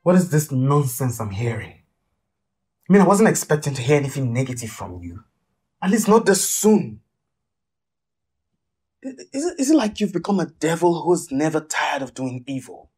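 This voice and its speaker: A blunt, scolding friend. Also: male voice, fairly high pitch, big pitch swings, normal speed, pauses often, a little mellow, slightly rough. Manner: blunt, exasperated, lecturing.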